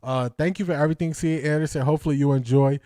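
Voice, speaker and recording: A man's voice: on the high side, fairly even intonation, very fast, dark tone, no room sound, studio quality. A man from Ohio, hosting a casual livestream, joking with chat, laughing often and repeating lines for effect. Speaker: sports talk livestream host reading chat.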